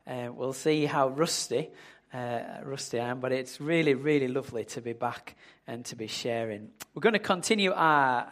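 A man's voice: on the high side, fairly bright tone. Conversational male preacher telling a story. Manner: conversational storytelling with casual asides. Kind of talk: sermon.

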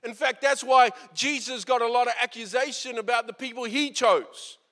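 A man's voice: very high voice, steady tone, normal speed, fairly bright tone. A man preaching a sermon in a church, talking in an earnest, conversational way and acting out quoted lines. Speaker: pastor. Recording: long reverb of a large hall.

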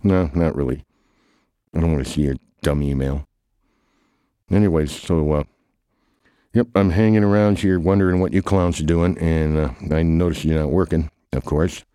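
A man doing a sarcastic, grumpy, deep-voiced guy. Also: steady tone, moderate pace, pauses often, mellow, clean tone, dry recording, clean studio sound. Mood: scornful. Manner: sarcastic, scolding. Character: grumpy scornful man mocking his idle friends.

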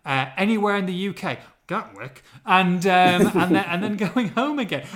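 A man hosts a football podcast, his voice sitting a little high for a man. He talks in a chatty, teasing way, ribbing his co-host and hyping things up. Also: animated, normal speed, few pauses, a bit bright. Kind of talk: casual football podcast chat.

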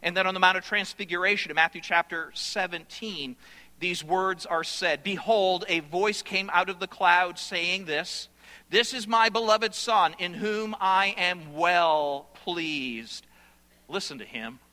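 A male pastor preaching a sermon with emphatic, repeated phrases, slowing down to read scripture. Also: high voice, sharp tone, big-room sound.

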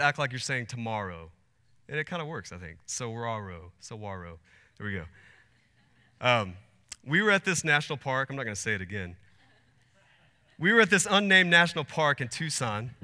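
A man's voice: a little high, sharp tone, clear, resonant tone. A man in his thirties preaching a sermon as pastor, earnest and building to emphatic peaks. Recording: long hall reverb.

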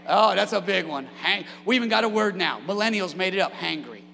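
A man preaching a sermon as pastor, energetic with humorous asides and building to shouted peaks. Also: high voice, fast talker, creaky, in a large hall, a little hiss or hum. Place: church sanctuary.

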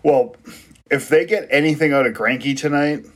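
A podcast co-host with a slightly high voice speaks at a moderate pace in a casual sports chat. Eating all the while, he jokes and swears about baseball and laughs often.

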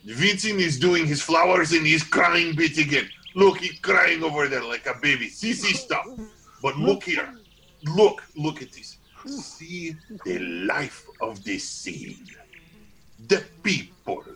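Slow leering boastful painter played by a man, bright tone, faint background noise. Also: on the high side, lively intonation, exaggerated voice. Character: lecherous, boastful male painter.

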